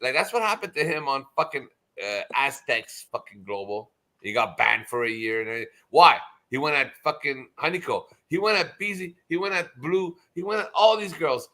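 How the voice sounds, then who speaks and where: Loud animated swearing man. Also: fairly high pitch, normal speed. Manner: animated storytelling, acts out others with loud shouted quotes. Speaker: live stream chat participant. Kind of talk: rowdy casual chat, profane.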